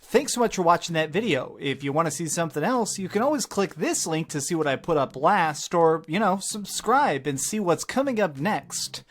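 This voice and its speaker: A young man hosting a game review and unboxing vlog, talking with gushing, animated enthusiasm. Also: a little high, moderate pace, few pauses, a little hiss or hum. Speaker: game reviewer and channel host.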